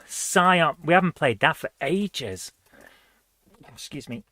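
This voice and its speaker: A woman's voice: low-pitched, lively intonation, takes it slowly, fairly bright tone, no room sound. Woman host, casual upbeat stream chat, dry close mic. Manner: chatty, upbeat, laughs easily. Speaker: host of a live retro gaming stream. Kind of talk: casual live-stream chat, reading viewer comments.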